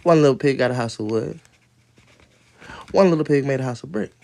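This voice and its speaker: Heard here is a mid-range male voice, creaky and a little mellow, going fairly quickly. At home on a casual phone stream, he reads a kids' story but keeps drifting into swearing, rambling asides and laughter, giving live commentary as he heads from outdoors into his room.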